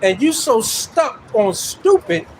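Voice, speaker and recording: A man's voice: very high-pitched, very animated, slow pace, a little mellow, a little hiss or hum, rough recording. A man in a street ministry, reading scripture aloud and affirming his partner. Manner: affirming, reads verses aloud. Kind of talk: scripture reading and casual religious discussion.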